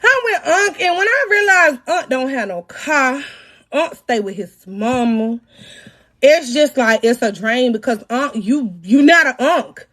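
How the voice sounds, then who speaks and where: A woman telling an animated, profane personal story in a storytime vlog, breaking into dramatic shouts. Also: high-pitched, measured pace.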